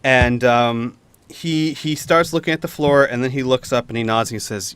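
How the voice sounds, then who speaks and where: A man's voice: mid-range voice, fairly even intonation, fairly quick, fairly bright tone, clean tone. A man narrating a tabletop role-playing game as game master, hesitant and full of ums and uhs.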